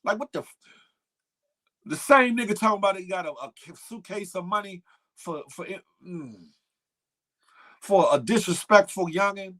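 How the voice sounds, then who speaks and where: A man hosting a casual morning show, emphatic and animated, calling out viewers by name. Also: high-pitched, moderate pace, pauses often. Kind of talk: casual livestream commentary.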